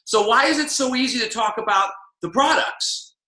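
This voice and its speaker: A man's voice: very high-pitched, normal speed, pushed and bright, reverberant. A man coaching on a call, emphatic and preachy, driving his points home by repeating key lines. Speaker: network marketing coach.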